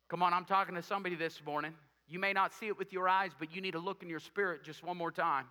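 A man's voice: high-pitched, fairly even intonation, quick pace, hardly any pauses, bright, forceful tone, big-room sound. A male preacher delivering a sermon, asking the congregation rhetorical questions and making joking asides.

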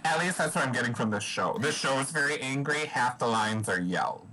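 A man's voice: medium pitch, animated, brisk, music in the background, low-quality recording. A man from the US Midwest co-hosting a podcast in casual chat, chatty and laughing often. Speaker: podcast co-host.

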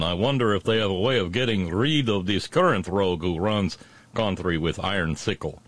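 A middle-aged man hosting a satirical on-this-day history segment, full of puns and sarcastic asides, slowing down for his punchlines. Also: sits low. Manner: punning asides and sarcastic jabs; slows down for punchlines. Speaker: host of a daily history segment.

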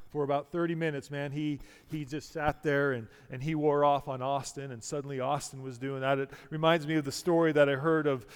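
A middle-aged man preaching a sermon as pastor, prayerful and conversational, often restarting words and dropping quiet. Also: on the high side, clear, resonant tone, in a large hall. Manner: prayerful, softening to near-quiet, with many restarts.

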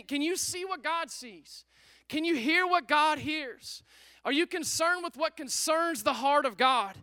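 A man preaching a sermon as pastor, energetic and calling for responses from the congregation. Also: extremely high pitch, no echo. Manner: energetic, call-and-response, urging listeners.

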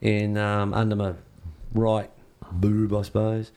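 A man's voice: on the low side, takes it slowly. A man in an interview, casually telling a story and acting out what others said to him. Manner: lively, acts out what others said. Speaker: interview guest.

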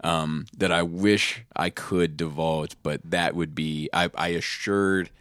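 A man's voice: deep voice, steady tone, takes it slowly, a bit bright, smooth, no room sound, studio quality. A man in his thirties hosting a podcast, telling a long rambling party story full of fillers and swearing. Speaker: podcast host. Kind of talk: casual podcast chat.

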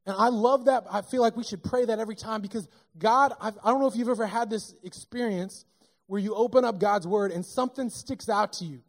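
A man preaching a sermon in a church, talking in a lively, conversational and joking way. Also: high voice, a little fast. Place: church sanctuary.

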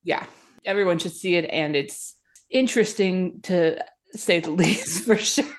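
A woman's voice: lowish voice, a little slow. A woman guesting on a podcast, chatting casually about a movie and laughing often. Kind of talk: casual movie review chat.

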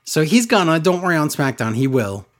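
A man's voice: on the high side, big pitch swings, a little fast. A man co-hosting a casual wrestling podcast, teasing his partner dryly and moving the show along. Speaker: podcast co-host.

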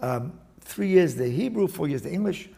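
A man interviewed as a guest, explaining his work in an animated, digressive way with many restarts. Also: fairly high pitch, moderate pace, creaky, husky. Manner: animated, digressive, with frequent restarts and Talmudic terms. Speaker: guest, attorney and index author. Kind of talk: casual interview talk.

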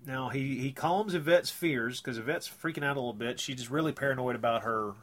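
A man's voice: medium pitch, a little fast, a bit bright. A man chatting casually about a film, retelling scenes in a rambling way. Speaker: film discussion co-host.

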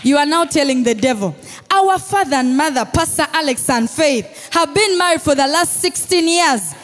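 A woman pastor with a Ugandan English accent, preaching a sermon with shouted declarations and call-and-response to the congregation. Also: high voice, expressive, moderate pace. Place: church hall. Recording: long reverb in a large hall with music.

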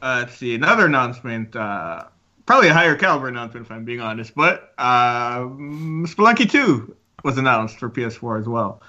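A man's voice: mid-range voice, big pitch swings, a little fast, pushed and bright, dull audio. A man co-hosting a casual video game podcast, rambling with lots of fillers and laughs. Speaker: podcast co-host. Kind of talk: casual chat.

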